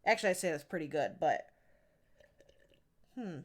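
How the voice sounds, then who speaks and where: A woman's voice: deep voice, lively intonation, moderate pace. A woman streaming a video game, chatting casually and giggling as she rambles. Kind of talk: casual live-stream chat while gaming.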